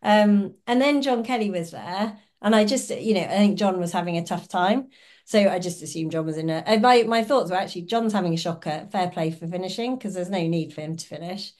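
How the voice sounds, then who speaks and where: A woman's voice: on the low side, a little fast, darkish tone. A woman as a podcast guest, telling stories in a chatty way and acting out the lines she quotes. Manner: chatty storytelling, acts out quoted dialogue with laughs. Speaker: guest, ultrarunner and oncologist. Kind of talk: casual podcast interview.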